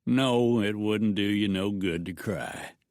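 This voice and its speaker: Leering outlaw henchman, coarse lazy drawl, slow pace, a man putting him on. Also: fairly low pitch, darkish tone, no room sound, clean studio sound. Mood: mocking. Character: crude, leering male outlaw.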